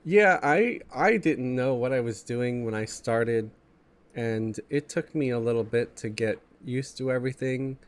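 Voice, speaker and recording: Man, stuffy congested voice, unhurried laid-back streamer reading chat between chuckles. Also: medium pitch. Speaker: game streamer. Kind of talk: casual live-stream chat while gaming.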